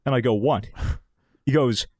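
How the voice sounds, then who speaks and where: A man's voice: medium pitch, normal speed, breathy edge, no room sound, clean studio sound. A young man in his twenties, chatting casually on a podcast and telling stories, swearing often and acting out what people said. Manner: animated, swears a lot, acts out quotes. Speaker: podcast co-host. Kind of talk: casual chat, storytelling.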